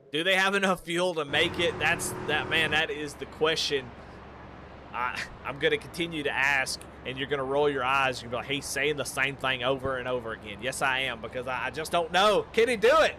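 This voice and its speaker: A man calling a sim race live, excitable and given to repeating the same questions. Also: mid-range voice, moderate pace, a little hiss or hum. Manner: excitable, repeats questions, builds to shouting at the finish. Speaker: sim racing commentator.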